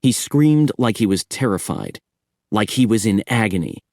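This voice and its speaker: A man narrating a horror audiobook in a measured storytelling manner. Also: lowish voice, big pitch swings, vocal fry, a little mellow, no room sound, clean studio sound.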